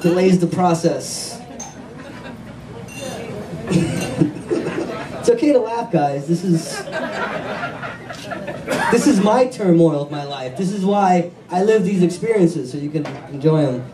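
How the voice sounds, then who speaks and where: A man performing a stand-up comedy set, excitable and self-mocking, bantering with the crowd. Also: high-pitched, takes it slowly, pauses often. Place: comedy club stage with audience. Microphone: wireless handheld mic. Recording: echoey club, mic far off, crowd noise.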